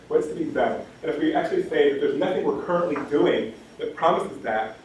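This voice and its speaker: A man's voice: fairly high pitch, lively intonation, brisk, a little mellow. Male academic speaker, earnest and repetitive at a lectern, heavy hall reverb. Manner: impassioned, repeats phrases for emphasis, many ums. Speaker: education scholar giving a talk. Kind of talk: lecture talk. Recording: very echoey hall, distant mic, faint noise.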